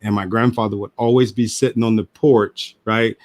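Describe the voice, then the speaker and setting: A man's voice: lowish voice, steady tone, moderate pace, darkish tone, no room sound, clean studio sound. A man hosting an interview, talking reflectively and telling stories with frequent restarts. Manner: reflective, storytelling, many restarts. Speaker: podcast host. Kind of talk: casual interview chat.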